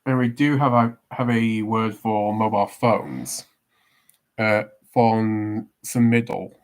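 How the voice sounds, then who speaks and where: A man's voice: lowish voice, steady tone, slow. A Welsh man chatting in a rambling, easygoing way as he streams himself drawing. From Wales. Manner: rambling, chatty, with many fillers. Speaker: artist streaming live. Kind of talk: casual chat on a livestream.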